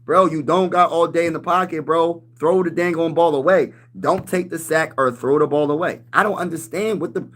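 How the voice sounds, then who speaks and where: A man in his thirties hosting a casual sports livestream, talking loose and slangy, calling everyone "bro" and breaking into shouts when he gets riled up. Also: fairly high pitch, moderate pace. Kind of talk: casual livestream chat reading comments.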